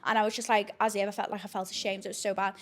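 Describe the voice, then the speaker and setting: A young woman rattles through a story at a quick pace on her podcast. She keeps it frank and rambling, full of swearing and fillers, at a middling pitch. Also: flat delivery. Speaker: podcast host.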